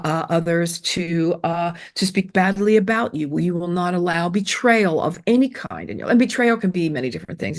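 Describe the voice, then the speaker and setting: A woman's voice: on the low side, creaky. A middle-aged woman giving earnest self-esteem advice in an interview, emphatic and repetitive, with fillers and restarts. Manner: emphatic, repeats phrases, many fillers and restarts.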